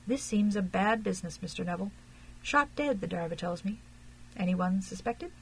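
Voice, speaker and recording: A woman's voice: mid-range voice, animated, normal speed, creaky, slight background noise, low-quality recording. A woman reading aloud and voicing a stout, shrewd male detective who speaks pleasantly and probingly, in an audiobook.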